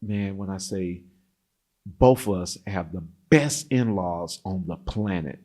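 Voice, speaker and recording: A middle-aged African-American man from the United States, an interview guest telling stories in a lively, laughing way and acting out what people said. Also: low-pitched, takes it slowly. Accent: African-American English. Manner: animated, laughs often, acts out quoted voices. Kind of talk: casual storytelling interview.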